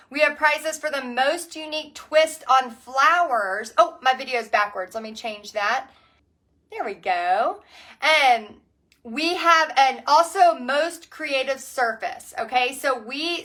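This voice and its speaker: A high-pitched woman leads a casual live painting class. She is bubbly and chatty and reads viewer comments aloud between instructions. She is painting in a small home art space. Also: pushed and bright.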